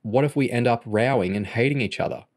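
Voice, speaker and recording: An earnest, awkward teenage boy who sounds unsure of himself, in an audiobook reading. A man voices him, lifting his pitch slightly. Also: fast, a little mellow, lightly acted.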